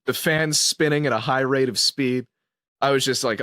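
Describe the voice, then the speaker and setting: A young man, one of a podcast's co-hosts, shares a story in relaxed chat with friends, playing out his own lines and laughing as he goes. He has a medium pitch, fairly even intonation, moderate pace and fairly bright tone, recorded dry with clean studio sound.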